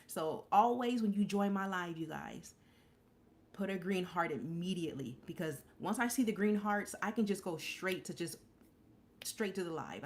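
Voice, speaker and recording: Candid woman in her forties, low-pitched. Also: a little hiss or hum. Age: 40s. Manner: candid, rambling, many restarts and fillers. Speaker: livestream host. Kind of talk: casual live-stream chat.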